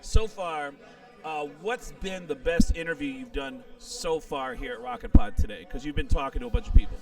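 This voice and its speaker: Male comedian guest, high-pitched, loose profane storyteller, picked up from a distance. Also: normal speed, vocal fry. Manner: animated anecdote teller, swears freely. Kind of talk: casual storytelling.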